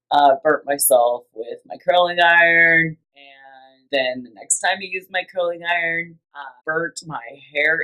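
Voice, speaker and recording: Woman, low-pitched, hoarse lost voice, half-whispered, chatty and rambling, life coach talk. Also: bright, forceful tone, low-quality recording. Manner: chatty and rambling, with laughs and restarts. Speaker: life coach giving an astrology report. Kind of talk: casual solo video talk.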